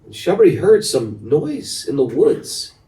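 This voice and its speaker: Animated male spiritual teacher telling a story. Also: fairly high pitch, slow. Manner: animated and humorous, laughing often. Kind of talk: storytelling talk. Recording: roomy, from a distance.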